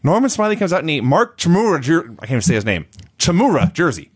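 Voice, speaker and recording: A man's voice: on the high side, very animated, quick pace, slightly rough. Dry, sarcastic male recapper. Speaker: podcast co-host. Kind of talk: casual chat, recapping matches.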